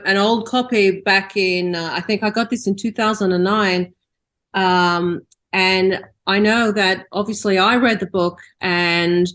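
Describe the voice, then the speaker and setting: A woman hosting an interview at an everyday mid pitch. She talks in a relaxed conversational way, recapping what she knows and asking follow-up questions. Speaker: interview host. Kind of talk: casual interview.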